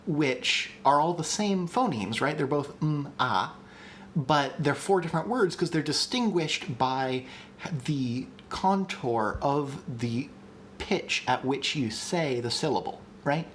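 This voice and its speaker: A man teaching on a live stream, answering chat questions and thinking out loud with frequent ums and restarts. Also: fairly high pitch, lively intonation, slow, slight background noise. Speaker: streamer teaching language creation. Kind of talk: live-streamed casual lecture.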